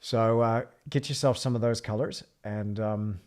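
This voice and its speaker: A man's voice: fairly low pitch, fairly even intonation, measured pace, darkish tone. A man streaming live from his art studio, chatting in a reflective, rambling way while he paints. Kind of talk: casual livestream chat.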